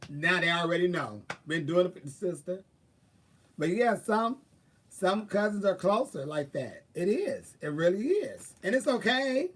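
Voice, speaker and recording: A man with a slightly high voice talks with viewers in a loose, sassy way. He swears freely and throws out drawling asides. He sits a little back from the mic. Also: sing-song, measured pace, distant mic. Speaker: live-stream host. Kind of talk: casual chat, answering viewers.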